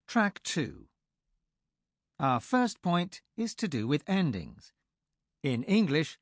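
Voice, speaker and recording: A man reading a scripted language lesson for an audiobook, speaking clearly and explaining step by step. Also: on the high side, no room sound, clean studio sound. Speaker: language tutor.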